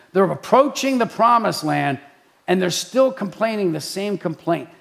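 A man preaching in a chatty way, telling stories with lively acted-out voices. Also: high voice, gravelly. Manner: animated storytelling, acts out quoted voices. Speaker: pastor. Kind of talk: preaching talk.

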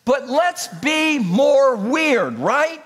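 Animated preaching man in his sixties. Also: extremely high pitch, very slow. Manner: animated storytelling preacher, rising to exhortation. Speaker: pastor. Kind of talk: sermon.

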